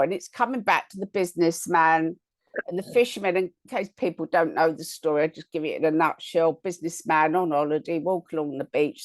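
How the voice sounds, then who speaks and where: A woman's voice: sits low, darkish tone, dry recording. A woman hosting an interview in casual chat, telling anecdotes and asking eager questions. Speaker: host.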